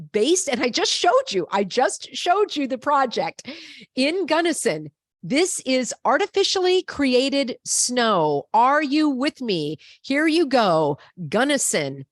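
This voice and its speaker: A woman hosts her own broadcast in a casual, chatty way, reacting and laughing as she goes. Her pitch swings widely from line to line. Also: slow. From United States. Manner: chatty, animated, laughs often. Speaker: host.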